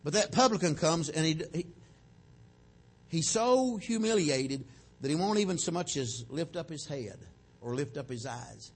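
A man's voice: on the high side, expressive, measured pace, slight background noise. A man preaching a sermon, acting out prayers in a raised voice as he goes.

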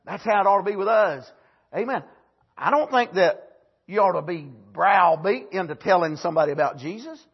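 With fervent energy, a man delivers a sermon in a high voice that turns husky at the edges, swinging from shouts to quiet asides and dropping in amens. His intonation is lively and his pace normal, though the recording itself sounds dull and lo-fi.

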